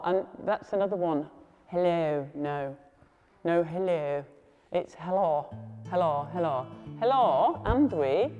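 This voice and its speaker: Slow, patient woman tutor. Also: sits low, dark tone, lo-fi sound. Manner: encouraging, repeats phrases slowly for the class to copy. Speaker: Welsh language tutor. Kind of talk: teaching a beginners' class. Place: classroom. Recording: reverberant room with faint guitar music.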